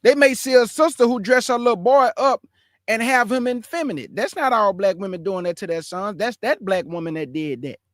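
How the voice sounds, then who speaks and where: A man's voice: high voice, expressive, fairly quick, no room sound, studio quality. A male preacher delivering an impassioned sermon with an emphatic, repetitive cadence.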